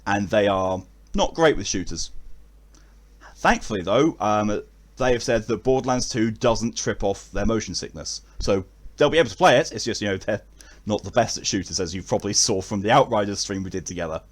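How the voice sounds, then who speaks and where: A lowish-voiced Englishman speaks fairly quickly while chatting casually to viewers at the end of his stream. He rambles, filling gaps with fillers and starting sentences over.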